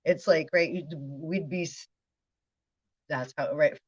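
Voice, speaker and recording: A woman's voice: low-pitched, takes it slowly, husky, dull audio. A woman giving a rambling spiritual monologue, talking in a stream of consciousness and often checking in with "right". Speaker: spiritual vlogger.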